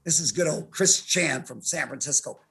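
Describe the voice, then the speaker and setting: Here a man in his eighties, a martial artist guesting on a podcast, delivers animated, brash, profanity-laced stories. His gravelly, husky voice sits on the high side, and his pace is moderate.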